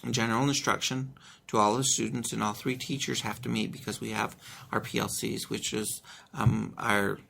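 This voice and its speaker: A man who is an elementary school principal, answering interview questions earnestly, with many pauses and restarts as he explains his school. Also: fairly low pitch, flat delivery, creaky, pushed and bright, slight background noise.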